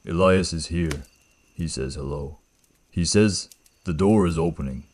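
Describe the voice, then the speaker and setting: Eerie dead wife calling over the radio, soft and a little raspy, Maine accent ; played by a male narrator, low and husky. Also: unhurried. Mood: eerie coaxing. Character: eerie dead wife's voice, woman, drowned, coaxing.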